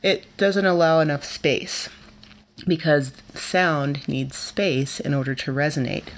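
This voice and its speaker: A young woman teaching voice in a chatty, informal way, pausing with fillers and correcting herself. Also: deep voice, fairly even intonation. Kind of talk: casual spoken singing lesson.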